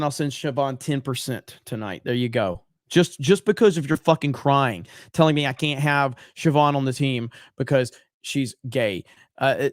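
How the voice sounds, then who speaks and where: A man's voice: mid-range voice, no room sound, studio quality. A man hosting a livestream in a casual style, reading viewer chat aloud and answering in a blunt, profane way, often repeating words for emphasis. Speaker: livestream host.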